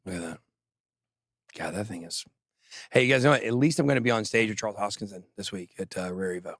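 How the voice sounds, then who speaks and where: A man's voice: on the low side, fast, fairly bright tone, dry recording, clean studio sound. Joking male crypto show host. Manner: joking, self-mocking, reads news with tangents. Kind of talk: casual chat.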